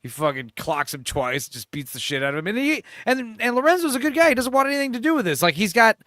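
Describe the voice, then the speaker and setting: A man's voice: extremely high pitch, sing-song, fast talker, a bit bright, no room sound, studio quality. A man casually discussing a movie with a friend, animatedly retelling scenes and acting out the characters. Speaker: podcast co-host.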